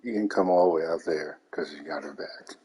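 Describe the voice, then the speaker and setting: A man's voice: very deep voice, fairly quick, a little mellow, slightly rough, poor audio. A man giving casual, mocking commentary over game footage, laughing often.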